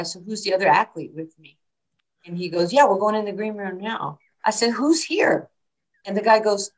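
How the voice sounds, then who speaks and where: A woman's voice: on the low side, rough recording. A woman, a basketball coach telling stories in an interview and acting out the quoted lines. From New York. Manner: animated storyteller, acts out quotes. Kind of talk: storytelling interview.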